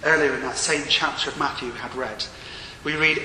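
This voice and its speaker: Bright preacher in an echoey hall. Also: male voice, mid-range voice, fairly even intonation, a little fast. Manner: earnest, with rising and falling emphasis. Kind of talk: sermon. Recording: echoey hall with long reverb and faint room noise.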